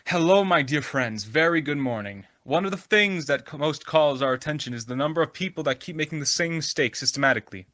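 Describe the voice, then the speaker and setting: A man's voice: a little high, expressive, brisk, hardly any pauses, fairly bright tone. A man reading a translated spiritual message, earnest and exhorting as he draws a moral for his listeners. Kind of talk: devotional talk, read translation.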